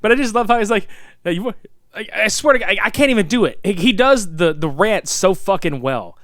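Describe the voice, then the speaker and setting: A man's voice: high voice, fast talker, dry recording, clean studio sound. A man co-hosting a podcast, chatting casually and profanely about a movie, laughing and quoting scenes. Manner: animated, profane, laughs often, quotes scenes. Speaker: podcast co-host.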